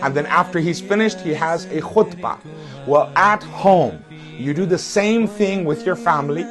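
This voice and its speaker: A man teaching step by step how to pray a prayer at home, calling out the takbirs loud and drawn out. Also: a little high, normal speed, soft background music. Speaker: religious teacher. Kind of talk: instructional talk.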